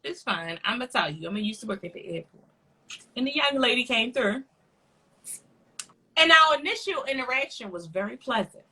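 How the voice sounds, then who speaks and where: A woman co-hosting a podcast, telling a story in a casual, animated and profane way. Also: fairly high pitch, normal speed, pauses often, husky. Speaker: podcast co-host.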